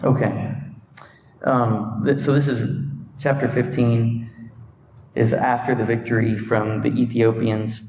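A man preaching a sermon, emphatic, climbing higher when he drives a point home, sometimes stopping to correct himself as he thinks aloud. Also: level tone, slow pace, darkish tone, slight background noise. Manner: emphatic, rising in pitch when stressing a point; restarts and self-corrections while thinking aloud. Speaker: pastor.

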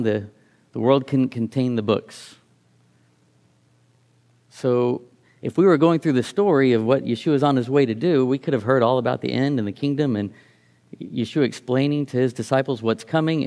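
Man, middle-aged, sermon, gravelly voice, reflective, reads scripture aloud. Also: medium pitch, darkish tone. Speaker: preacher.

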